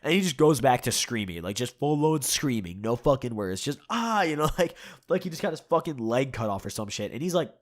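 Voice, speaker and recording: A young man with a stuffy nose and a sore throat tells his channel a rambling, profane story, chuckling often. His mid-range voice is expressive and brisk, with few pauses, in a casual storytime style.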